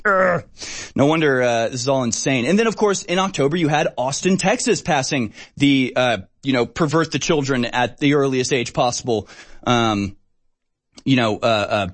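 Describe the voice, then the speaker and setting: A man's voice: mid-range voice, normal speed. A man hosting a talk show, running through news stories in an exasperated, sarcastic rant full of fillers and short laughs. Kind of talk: ranting news commentary.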